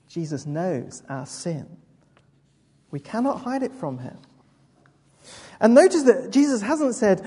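Woman preacher, mellow and slightly husky, with a long hall reverb. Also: fairly high pitch, unhurried, pauses often. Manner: vivid, expressive storytelling with asides. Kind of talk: sermon. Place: church.

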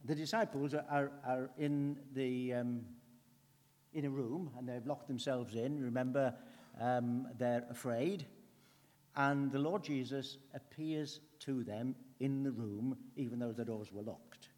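A man giving a conversational sermon as a preacher, earnest, swinging between emphatic lines and hushed ones. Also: mid-range voice, steady tone, measured pace. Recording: long hall reverb.

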